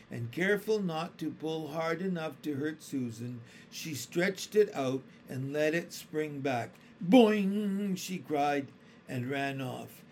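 A man reads a children's chapter book aloud, taking his time over every sentence. His voice sits a little high for a man. A faint hiss runs behind the reading. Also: creaky, darkish tone. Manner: slow, careful storytelling. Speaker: storybook reader.

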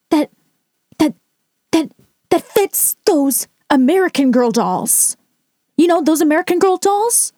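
A woman reacting to read-out stories in a slow, unhurried drawl, blunt and sarcastic and quick to swear. Her voice is mellow and close, with a dry, deadened sound. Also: high voice, no room sound. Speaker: storytime reactor. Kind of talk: casual commentary on read-out stories.

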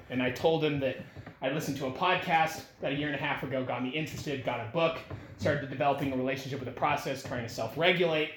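A man in his twenties talking rambly and excitedly with his father, swearing a lot and saying "like" often. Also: medium pitch, fast talker. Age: 20s. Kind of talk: casual heart-to-heart conversation. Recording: roomy echo with faint noise.

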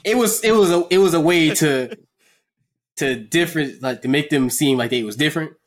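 A young man casually chatting on a podcast, animated and profane, acting out characters between laughs. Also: on the high side, normal speed. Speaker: podcast host.

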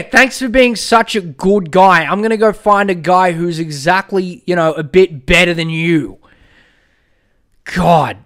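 A man's voice: sits high, a little slow, a bit bright. A young man hosting a podcast, giving blunt, sweary advice in casual chat and joking as he reads out a listener's story. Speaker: podcast host.

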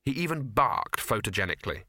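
Bright, dry male audiobook narrator. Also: on the low side, sing-song, brisk, no room sound. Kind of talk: scripted narration.

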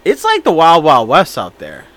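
A man's voice: a little high, wildly swooping pitch, moderate pace, a bit bright. A man co-hosting a podcast in casual chat, joking and laughing, acting out little mock conversations. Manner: joking, laughs often, plays out mock dialogue. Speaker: podcast co-host.

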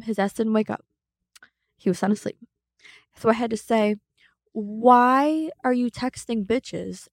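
A woman's voice: a little high, gravelly, a little mellow, no room sound. A young woman co-hosting a podcast, telling a story bluntly with lots of swearing and fillers. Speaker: podcast co-host. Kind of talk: casual podcast chat.

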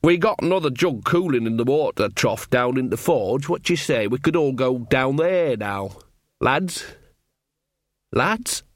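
A man's voice: on the high side, big pitch swings, measured pace, no room sound, clean studio sound, pitched above the performer's own voice. A man voicing a nervous young village blacksmith who pleads anxiously with his friends. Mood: slurring.

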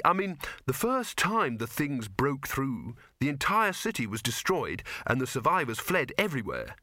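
A man voicing an earnest young man who explains things haltingly. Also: mid-range voice, pushed and bright, dry recording, studio quality.

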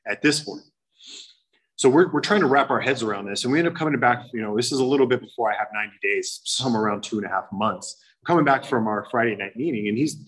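Young guy, husky voice, rattling off his recovery story quick, rambly and honest. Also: on the low side, fairly bright tone, poor audio. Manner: candid, rambling, full of "you know" and quoted dialogue. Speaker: speaker sharing a recovery story. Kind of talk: personal testimony to a meeting.

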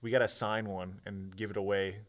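A man's voice: lowish voice, level tone, fairly quick. Playful young man on a podcast. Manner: playful, laughs easily, swears. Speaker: podcast co-host. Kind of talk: casual chat.

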